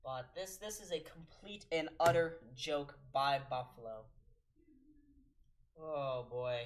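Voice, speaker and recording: A man's voice: fairly high pitch, slow pace. A young man in his late teens hosting a live reaction stream, calling hockey play-by-play in an exasperated, ranting way and repeating himself. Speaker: livestream host.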